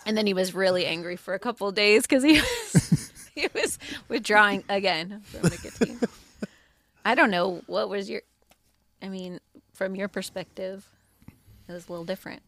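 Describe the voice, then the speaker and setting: A woman's voice: mid-range voice, lively intonation, normal speed, a bit bright, no room sound. A woman, a podcast guest, telling a candid personal story in a casual interview and laughing often. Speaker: podcast guest, spouse of a first responder.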